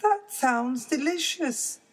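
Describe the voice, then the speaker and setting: Woman doing a tiny high-voiced bear cub. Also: expressive, slow. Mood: eager. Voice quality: high little voice. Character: small cheerful young male bear cub. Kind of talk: storybook read-aloud.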